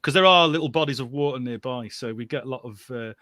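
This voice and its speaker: A man's voice: mid-range voice, fast talker, pushed and bright, dry recording. A man hosting a casual interview, talking with earnest enthusiasm and getting openly emotional about the subject. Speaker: podcast host.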